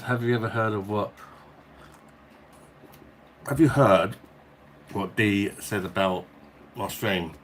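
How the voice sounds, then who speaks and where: A man from England with a slightly low voice hosts a casual live stream from home. He greets viewers by name and calls everyone mate in blokey slang. A faint hiss sits under his voice. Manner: chatty, reads out viewer names and greets them. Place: at home, indoors.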